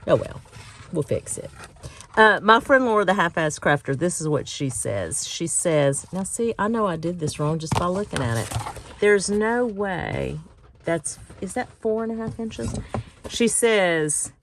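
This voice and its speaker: A woman's voice: lowish voice, expressive, moderate pace, slight background noise. A middle-aged woman hosting a casual crafting tutorial, chatty and self-mocking and often laughing. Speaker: craft channel host.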